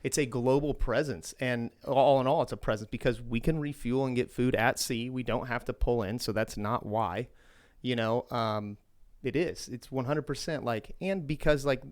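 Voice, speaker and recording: A man's voice: mid-range voice, moderate pace. A man from Indiana co-hosting a podcast, talking casually and at length with plenty of "you know" and "like". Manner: talkative, rambling with fillers. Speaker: podcast co-host.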